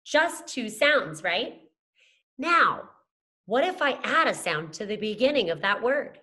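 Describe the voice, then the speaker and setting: Animated woman teacher chanting phonics sounds. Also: fairly high pitch, unhurried. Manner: sing-song chanting of letters and sounds, encouraging. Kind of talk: phonics lesson for young children.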